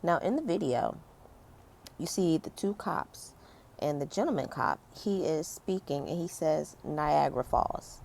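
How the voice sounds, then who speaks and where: A woman's voice: sits low, animated, measured pace, gravelly, a little mellow, slight background noise. A woman in her thirties giving a casual opinion rant as a vlogger, chatty and emphatic, full of fillers. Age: 30s. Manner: conversational, lots of fillers, emphatic complaints. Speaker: commentary vlogger.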